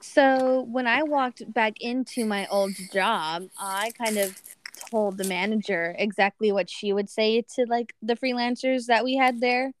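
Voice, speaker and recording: A woman's voice: a little high, steady tone, measured pace, a little hiss or hum. Chatty young woman, gossipy storytelling. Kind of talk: casual chat.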